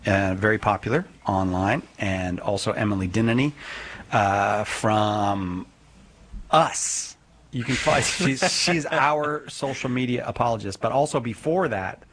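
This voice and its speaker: A man's voice: fairly low pitch, unhurried, fairly bright tone, slight background noise. A man hosts a live call-in radio program. He chats easily and jokes with guests and callers. His talk is loose and conversational. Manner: chatty, joking, reads out phone number. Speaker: radio call-in show host.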